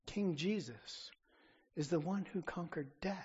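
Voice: medium pitch, measured pace, darkish tone, husky, highs cut off. A pastor preaching a sermon with emphatic declarations that build and then drop back down.

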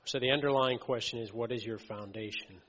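A man delivers a sermon in a plain, conversational manner, pausing on fillers and checking that the congregation is with him. His voice sits at an ordinary mid pitch. The recording is dull and muffled, with a long reverb trailing off the walls of a church hall. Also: a bit bright. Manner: conversational, frequent fillers and checks like "okay" and "right". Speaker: lay preacher.

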